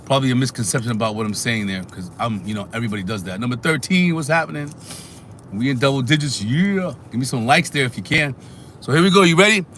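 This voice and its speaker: A man hosts a casual live stream and talks back to his viewers' messages in an animated way. His voice is bright and forceful at a middle pitch. Faint noise sits in the background. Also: fast talker. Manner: animated, talks back to chat, sings snatches.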